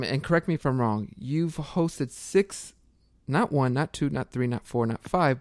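A man's voice: mid-range voice, darkish tone, dry recording, studio quality. A young man co-hosting a podcast interview, friendly, tripping over words and laughing easily. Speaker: podcast co-host.

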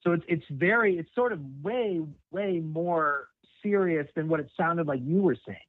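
A man's voice: on the high side, no echo. Hesitant man on a tinny phone line. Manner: hesitant, halting with many restarts. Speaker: caller. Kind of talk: call-in conversation.

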